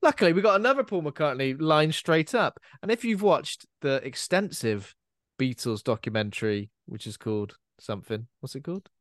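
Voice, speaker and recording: A man's voice: fairly high pitch, animated, moderate pace, a bit bright, no echo, clean studio sound. A man co-hosting a horror film podcast, chatting in a rambling, easygoing way and laughing often. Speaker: podcast co-host. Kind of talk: casual film chat.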